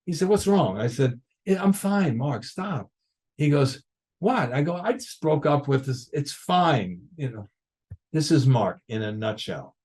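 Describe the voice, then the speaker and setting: A man's voice: medium pitch, measured pace, husky. An older man, a guest drummer, telling stories in a casual interview and acting out what others said. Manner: animated, acts out other people's lines in his stories.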